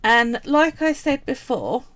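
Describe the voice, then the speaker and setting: Woman, slightly high voice, chatty live craft teacher walking through steps. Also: big pitch swings, slow, fairly bright tone. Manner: chatty, step-by-step instructing. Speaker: craft livestream host. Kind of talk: live craft tutorial with chat.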